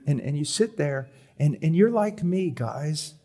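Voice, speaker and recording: A middle-aged man preaching a sermon at a conference, moving between loud emphatic reading and soft, hushed pleading. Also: fairly high pitch, unhurried. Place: conference hall.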